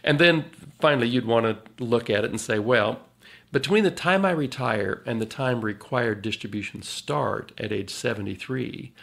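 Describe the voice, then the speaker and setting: Gravelly-voiced male financial advisor. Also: medium pitch, normal speed. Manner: relaxed, chuckling, fillers and explanations. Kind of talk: casual podcast chat.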